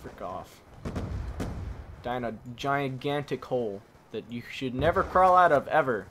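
Young male gamer, bright voice, slow delivery, blurts out minced-curse outbursts. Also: medium pitch, lively intonation, slight background noise. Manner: frustrated outbursts with minced swearing. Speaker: gaming YouTuber. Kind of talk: gameplay commentary.

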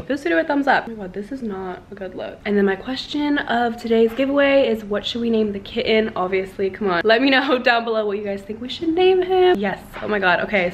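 A woman's voice: mid-range voice, slight background noise. A young woman vlogging to camera at home, chatty and gushing, with many fillers. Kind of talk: casual vlog talk to camera. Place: home indoors.

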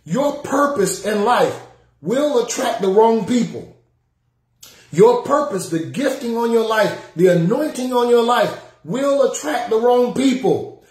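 A man's voice: sits high, darkish tone, reverberant. A man preaching a sermon as pastor, repeating his key lines and calling out to the congregation to respond. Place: church sanctuary.

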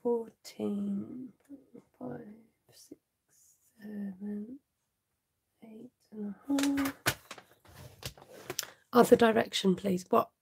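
A woman's voice: fairly high pitch, drawn-out words, vocal fry, pauses often, darkish tone, husky. A British woman hosting a live crafting session from home, chatting with viewers as she works, thinking aloud and dropping into whispered asides. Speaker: craft channel host.

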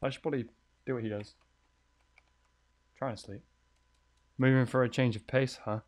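A man's voice: medium pitch, steady tone, normal speed. A man giving let's play commentary on a horror game, jumpy and thinking aloud, swearing often. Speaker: gamer playing a horror game.

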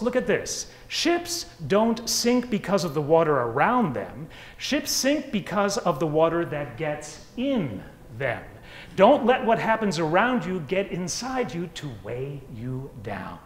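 A man giving a live motivational talk on stage in front of an audience, dramatic and swinging between loud and hushed. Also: on the high side, very animated, slow, roomy sound. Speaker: motivational speaker.

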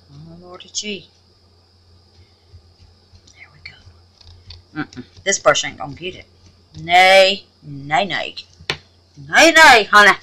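A woman's voice: lowish voice, pushed and bright, a little hiss or hum, poor audio. A woman hosting a casual crafting tutorial, chatting away, exclaiming to the Lord and muttering half-whispered asides to herself. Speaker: resin craft channel host.

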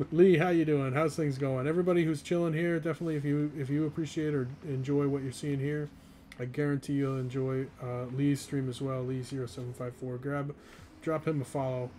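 A man's voice: a little high, fairly even intonation, moderate pace, mellow, a little hiss or hum. A young man in his twenties, from the northeastern US, chatting casually and rambling with chat while streaming a game, often laughing.

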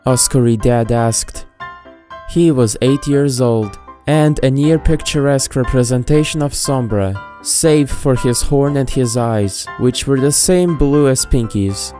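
Very deep, dark-voiced woman narrator. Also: unhurried. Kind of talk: storybook narration of fan fiction. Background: faint background music.

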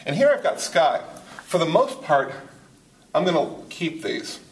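Recorded roomily from afar, a man gives a whiteboard poetry lesson, thinking out loud with frequent restarts and fillers. His voice is on the high side and very animated, yet his pace stays measured.

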